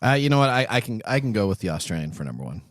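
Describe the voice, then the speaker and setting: Animated fast-talking male podcast host. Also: fairly low pitch, dry recording, clean studio sound. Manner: quick, animated, laughs often. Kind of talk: casual chat.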